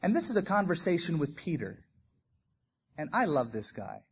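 A man's voice: a little high, very animated, moderate pace, breathy edge. A man preaching a sermon, telling stories with animation and acting out the quoted lines. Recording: dull lo-fi recording.

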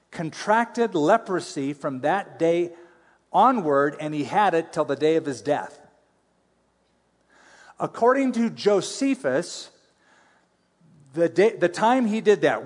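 A pastor teaching a sermon in a conversational way, with playful asides between scripture readings. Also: male voice, a little high. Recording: long hall reverb.

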